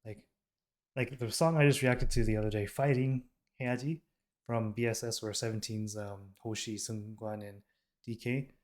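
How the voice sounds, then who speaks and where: An American man who hosts a K-pop reaction channel chats casually to the camera, rambling with lots of ums, restarts, and self-corrections. His voice sits on the low side, with a steady tone and a normal speed.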